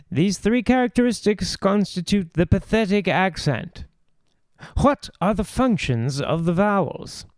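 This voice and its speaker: A man hosting a singing lesson, reading a book aloud with comments, thoughtful, with a strained throat and frequent throat clearing. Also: high-pitched, no echo, studio quality. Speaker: host, singing teacher.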